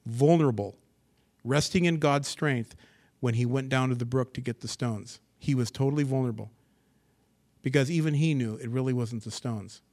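A man preaching a sermon to a church assembly, reading scripture aloud and commenting on it, dropping to hushed asides and rising to excited bursts. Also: mid-range voice, moderate pace. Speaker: pastor.

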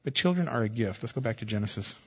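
A man's voice: medium pitch, lively intonation, fast talker, slightly rough, highs cut off. A man preaching a sermon as pastor, in a conversational, joking style that repeats key phrases.

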